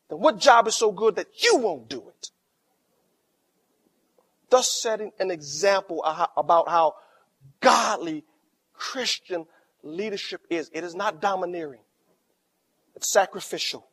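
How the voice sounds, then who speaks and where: A middle-aged man preaching a sermon as pastor, swinging from quiet storytelling to loud, emphatic lines. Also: sits high, unhurried, long pauses.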